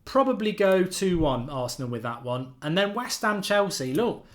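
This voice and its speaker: A man hosting a football fan channel, giving opinionated predictions in casual live-stream chat, animated and full of fillers. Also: high-pitched, normal speed.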